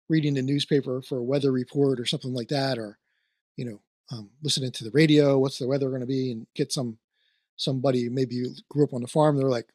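A man's voice: medium pitch, darkish tone, no echo. Man, Philadelphia-area accent, podcast host, rambling, many fillers, dry close sound. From New Jersey, near Trenton. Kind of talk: casual interview chat.

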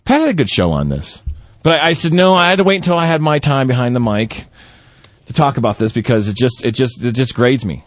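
A man's voice: mid-range voice, big pitch swings, fairly quick, no room sound. A man hosting a live talk radio show from a studio mic, playful and teasing, laughing often as he banters with guests. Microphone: studio broadcast mic.

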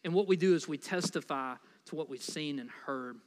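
A man's voice: fairly high pitch, moderate pace, darkish tone, big-room sound. A man preaching a sermon as pastor, from the United States, in a conversational, playful style full of asides to the congregation.

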